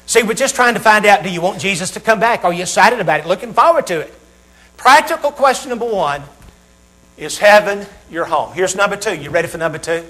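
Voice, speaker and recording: High bright-voiced Southern preacher. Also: male voice, lively intonation. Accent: Southern American. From Southern United States. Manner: rhetorical questions with dramatic pauses. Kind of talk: sermon.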